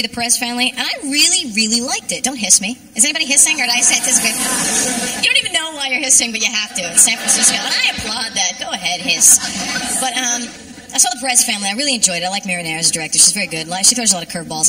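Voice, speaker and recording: A woman's voice: fairly high pitch, sharp tone, recorded from a distance. A young woman doing a stand-up comedy set on a club stage, with wry, sardonic, rambling asides. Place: comedy club stage before a live audience.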